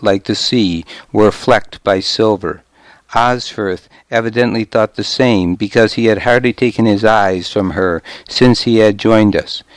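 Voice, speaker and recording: Male narrator for a historical first-person audiobook; measured and even, clear resonant tone, very unhurried. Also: fairly low pitch, no echo.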